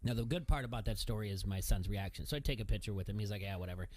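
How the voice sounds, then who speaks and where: A man's voice: lowish voice, very fast, darkish tone, no echo. A man hosting a sports radio show who tells long, rambling stories and laughs often. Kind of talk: casual chat.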